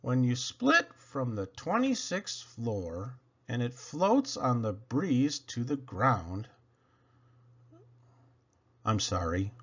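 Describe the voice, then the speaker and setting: A man's voice: medium pitch, big pitch swings, slow pace, pauses often, fairly bright tone, breathy edge, muffled recording. A man reading children's poems aloud, playful and theatrical. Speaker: children's book reader.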